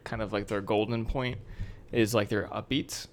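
A man's voice: fairly low pitch, fairly even intonation, normal speed. A young man co-hosting a casual podcast, chatty and hedging, with lots of fillers. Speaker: podcast co-host. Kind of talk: casual chat.

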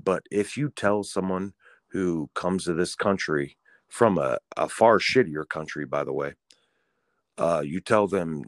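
Low-voiced guy ranting on a podcast, swears a lot, dry mic. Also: unhurried, dry recording. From United States. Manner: blunt, profane, ranting. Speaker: podcast co-host. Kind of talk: casual opinionated chat.

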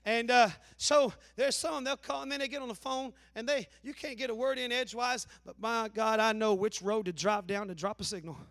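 A man with an Appalachian accent preaches in a folksy, joking way. His voice sits very high for a man, and he swings from loud preaching to low asides. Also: steady tone, fairly quick, few pauses. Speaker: pastor. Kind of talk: sermon.

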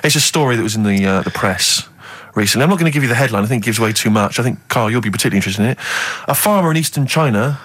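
A man's voice: medium pitch, lively intonation, racing, hardly any pauses, fairly bright tone, slightly rough, no echo. An English man co-hosting a radio show, presenting with a dry, wry manner. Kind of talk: casual radio banter. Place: radio studio.

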